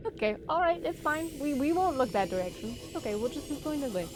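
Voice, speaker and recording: A young woman streams a game from home, chatting easily and giggling as she greets viewers and fusses over her dog. Her voice sits fairly high and comes through a desk microphone. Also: very animated, fairly quick, background noise. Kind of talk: casual live-stream chat. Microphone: desk microphone on a squeaky stand.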